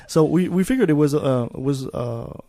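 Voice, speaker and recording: A man's voice: on the high side, no room sound, clean studio sound. A man hosting a radio show, talking casually with many "uh"s as he introduces segments. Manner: relaxed, many fillers and restarts.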